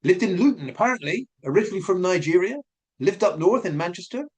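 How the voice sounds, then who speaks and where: A man talks through his suspicions in a loose, chatty commentary. His voice sits a little high and swings widely in pitch as he questions and repeats himself. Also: lively intonation, fast talker. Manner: questioning, speculative, repeats points. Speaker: commentary vlogger. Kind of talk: casual spoken commentary.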